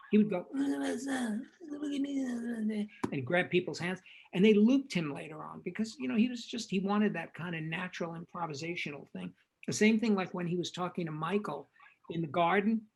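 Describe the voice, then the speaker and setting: An older man, a film director guest in an interview, telling animated anecdotes and acting out what people said. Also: high voice, gravelly, slightly rough, poor audio. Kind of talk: casual storytelling interview.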